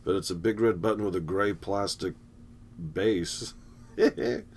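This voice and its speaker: A man's voice: lowish voice, a little slow, darkish tone, slight background noise. A man talking casually over a film, rambling with wry, sarcastic asides. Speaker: movie commentator. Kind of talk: casual running movie commentary.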